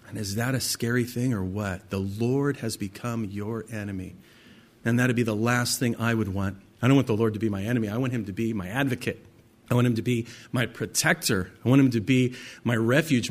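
Man teaching scripture, reading and explaining. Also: medium pitch. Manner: reads scripture aloud, then explains it in a conversational way; addresses listeners directly as "guys". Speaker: pastor. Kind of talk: verse-by-verse Bible teaching.

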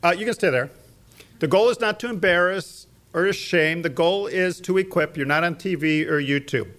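Middle-aged male evangelism teacher, slightly higher voice, emphatic, quizzes the room. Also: normal speed, a bit bright. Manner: emphatic, quizzes audience with fill-in-the-blank questions. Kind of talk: church teaching talk.

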